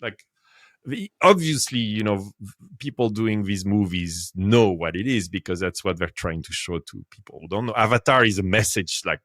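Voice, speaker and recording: A French-accented man in his fifties, a podcast guest telling a story in an animated way. His voice rises and drops sharply as he laughs and gets excited. The sound is dry and close, with no room around it. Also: on the low side, moderate pace, no room sound. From France. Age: 50s. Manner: animated, laughs often, swings between loud and quiet. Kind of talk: casual storytelling.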